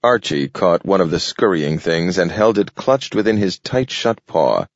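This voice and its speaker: Deep voiced guy reading a story, steady, muffled dry audio. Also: unhurried, no room sound. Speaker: audiobook narrator. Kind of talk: scripted narration. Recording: dull lo-fi dry recording.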